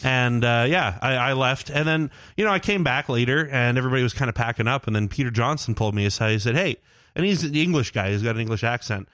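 A man's voice: medium pitch, quick pace, a bit bright, dry recording, clean studio sound. A young man telling long rambling stories on a podcast, swearing often and filling his talk with "like" and "uh". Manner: rambling, profane, many fillers. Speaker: podcast co-host. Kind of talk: casual storytelling chat.

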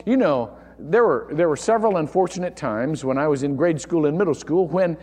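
A male pastor delivers a sermon in a high, highly animated voice, hammering home key words by repeating them. His voice rings out with the long reverb of a church hall. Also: a little fast, breathy edge. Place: church sanctuary.

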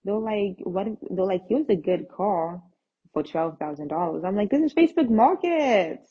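A young woman hosting a podcast, telling a casual story in an animated way and acting out the dialogue, on a dull lo-fi recording. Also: on the low side, moderate pace, slightly rough. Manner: animated, acts out quoted texts and dialogue. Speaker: podcast host.

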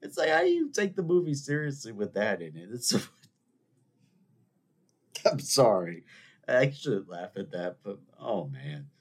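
Podcast guy, lowish voice but all over the place pitch-wise, rambly and jokey, lots of ums and restarts. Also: wildly swooping pitch, a little slow, gravelly, pauses often, breathy edge. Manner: bursts into high exclaimed imitations. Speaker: podcast host. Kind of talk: casual monologue.

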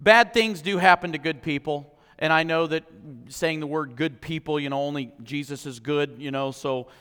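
A man preaching a sermon as pastor, impassioned, swinging from loud declarations to hushed, personal moments. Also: on the high side, moderate pace, smooth. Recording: long hall reverb.

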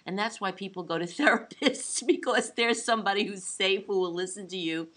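A woman hosting an interview, talking reflectively with halting restarts. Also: medium pitch, a bit bright. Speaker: podcast host. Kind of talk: interview conversation.

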